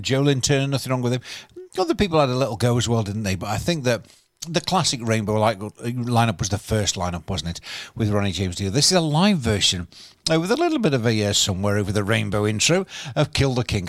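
A man's voice: mid-range voice, no echo, studio quality. A man hosting a rock radio show, chatty and rambling, a little self-deprecating. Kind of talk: casual radio DJ chat. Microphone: studio microphone.

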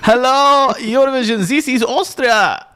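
A man putting on a high, sing-song mock German accent as a European contest presenter reading out points. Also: measured pace, pushed and bright, smooth, full character voice. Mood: mock formal.

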